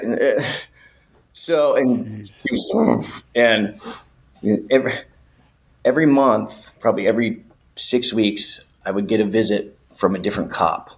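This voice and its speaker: Low-voiced man telling a story. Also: unhurried, long pauses. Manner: animated, profane, acts out voices. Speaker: guest. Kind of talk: casual storytelling.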